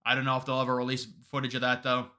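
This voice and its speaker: A man with a very bright, sharp-edged voice hosts a live stream. He talks loosely with his viewers, greets them and answers their comments, and often trips over and restarts his sentences. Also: mid-range voice, completely flat delivery, rapid-fire. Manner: rambling, restarts sentences, reads chat aloud.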